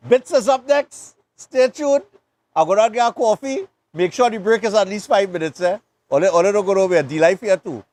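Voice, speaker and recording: A Trinidadian man with a fairly high voice hosts a live morning show. He rambles through a casual story in thick island dialect, chatting loosely between segments. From Trinidad and Tobago. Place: beach club.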